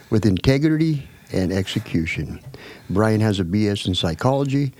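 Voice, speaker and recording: A man's voice: lowish voice, darkish tone. A man co-hosting a podcast, reading a guest introduction aloud in a joking, put-on Texas drawl. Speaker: podcast co-host.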